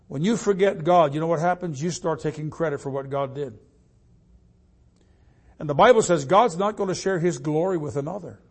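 An older man delivering a sermon in a fairly high-pitched voice. He reads scripture with rising, fervent force and slips into relaxed asides about his own life. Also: husky. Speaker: traveling preacher.

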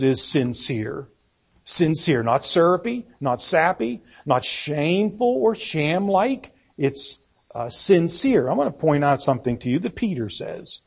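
Male preacher, sermon delivery, husky tone, pitched a bit high. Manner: reads scripture aloud, repeats key words for emphasis.

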